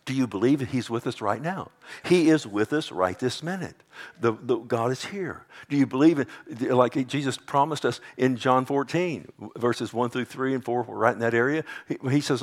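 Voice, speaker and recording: A man's voice: mid-range voice, moderate pace. A middle-aged male pastor preaching a sermon, quoting scripture and pressing his points with rising emphasis.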